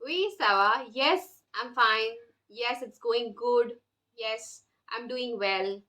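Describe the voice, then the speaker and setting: A woman teaching beginner French online, slowly repeating each phrase for learners to copy. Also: on the high side, bright, forceful tone. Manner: slow, drills phrases with repetition. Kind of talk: online language lesson.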